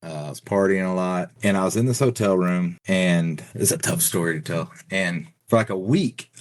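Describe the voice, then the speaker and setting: Man, middle-aged, very low voice, loose rambling storyteller, guest on a chat show. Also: moderate pace. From Texas. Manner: rambling, filler-heavy retelling with many "you know" and "like". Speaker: podcast guest. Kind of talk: casual storytelling.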